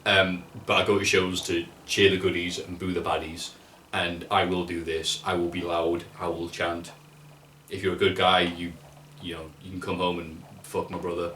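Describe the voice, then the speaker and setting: Young man, low voice, sweary and animated, echoey room, a bit off mic. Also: normal speed, far from the mic, slight background noise. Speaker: guest, wrestling video maker. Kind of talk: casual chat.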